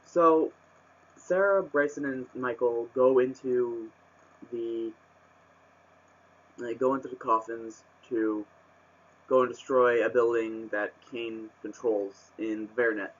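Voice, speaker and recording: Reviewing a book for a casual vlog, a man speaks slowly in a steady mid-range voice, pausing often. His rambling is full of fillers and restarts, punctuated by exasperated rants, and the webcam mic leaves the audio muffled.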